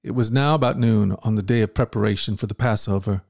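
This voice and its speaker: A man hosting a daily podcast, reading scripture aloud in a steady, earnest voice. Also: on the low side, fairly quick, vocal fry, no echo, studio quality. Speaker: host and Bible reader.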